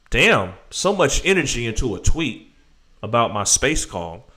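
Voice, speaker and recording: A man hosts a live stream with rambling, animated commentary aimed straight at his viewers. His pitch leaps around a lot, and his voice has a bright, forceful edge. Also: a little slow.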